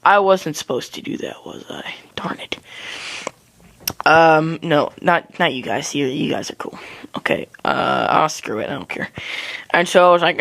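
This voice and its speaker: A man's voice: on the high side, normal speed, gravelly, fairly bright tone. A young man hosting a game video, telling a rambling story with jokes and many self-corrections. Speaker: gaming channel host. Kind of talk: casual storytelling during a game.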